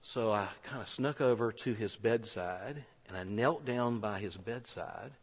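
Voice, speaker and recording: A man's voice: on the low side, unhurried, breathy edge. Male pastor, conversational sermon storyteller, earnest, echoey hall. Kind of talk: sermon told as a personal story. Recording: echoey hall, dull lo-fi sound.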